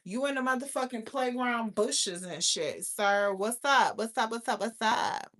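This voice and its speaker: A woman's voice: a little high, measured pace, fairly bright tone. A young adult woman hosting her own channel, talking brashly and with lots of profanity, laughing often. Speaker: YouTube host. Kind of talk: casual livestream chat.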